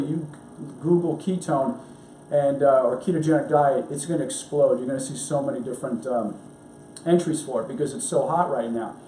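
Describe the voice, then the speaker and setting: A man's voice: fairly high pitch, warm tone, recorded from a distance, a little hiss or hum. A middle-aged man from New York, a doctor hosting a health show, talking in a chatty, rambling, upbeat way at home in his kitchen. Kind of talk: casual cooking and health talk. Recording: echoey room, voice off-mic.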